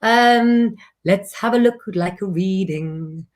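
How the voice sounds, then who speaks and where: Gentle, rambling woman giving a tarot reading. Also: mid-range voice, slow pace. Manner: gentle, affectionate, rambling with many "um"s. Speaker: tarot reader hosting a live reading. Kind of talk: live streamed tarot reading, casual chat.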